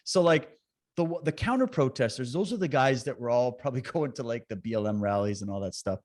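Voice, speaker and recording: A man talking as a podcast guest, telling stories in an animated, swearing, fired-up way with quick impressions. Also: medium pitch. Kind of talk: casual conversation.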